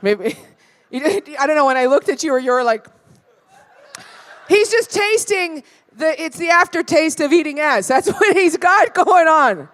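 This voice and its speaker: A woman's voice: high voice, expressive, moderate pace, fairly bright tone. A young woman from the Toronto area performing a live stand-up set, telling brash, profane, rambling stories and checking in with the crowd. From Toronto area, Canada. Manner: brash, profane, rambling storytelling with frequent "right?". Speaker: stand-up comedian. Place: live comedy venue with audience.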